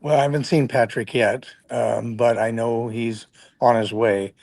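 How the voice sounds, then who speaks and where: A man's voice: medium pitch, fairly even intonation, measured pace, vocal fry, a little mellow, no echo. Hesitant man with a dry, close sound. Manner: hesitant, many fillers and restarts. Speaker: guest on security duty. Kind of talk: casual report.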